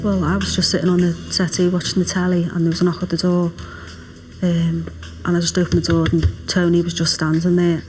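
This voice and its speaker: Quiet mother, flat, hushed. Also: lowish voice, brisk, soft background music. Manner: quiet, hushed recollection, drops to a whisper at times. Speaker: mother of the victim. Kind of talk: documentary interview.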